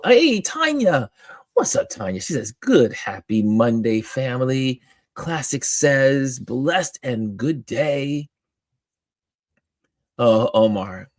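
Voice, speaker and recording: A man hosting a live-stream, greeting viewers by name and reading their comments aloud in an upbeat, animated way. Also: mid-range voice, vocal fry, no echo. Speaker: host.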